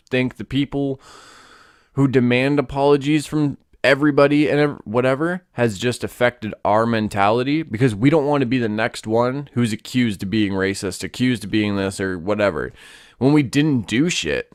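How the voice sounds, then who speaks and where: A man hosting a solo podcast, ranting in a casual, profane and animated way. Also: medium pitch, moderate pace, smooth, no echo, clean studio sound. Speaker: podcast host.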